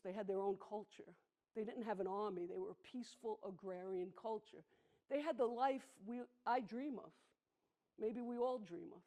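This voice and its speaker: A woman, performing a personal storytelling monologue on a theatre stage, intimate and emphatic, slowing down on heavy moments. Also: medium pitch, dark tone. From the Bronx, New York. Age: 60s. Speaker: solo performer.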